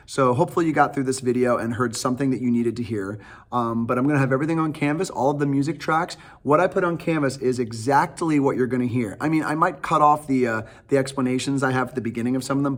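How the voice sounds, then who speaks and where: A man, a theatre director, giving casual, enthusiastic audition instructions with plenty of fillers. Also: medium pitch.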